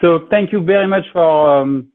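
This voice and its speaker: A man with a French accent hosts a live interview over a video call. His voice sits a bit high for a man, and he halts and repeats his words as he works through his English. He slips into French now and then. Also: normal speed, narrow, tinny audio. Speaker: host.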